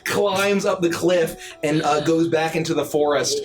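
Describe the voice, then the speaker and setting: A man running a tabletop game, narrating with lots of fillers. His voice sits high and lively. Faint music plays behind. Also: a little slow, few pauses. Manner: filler-heavy, animated narration. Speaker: game master.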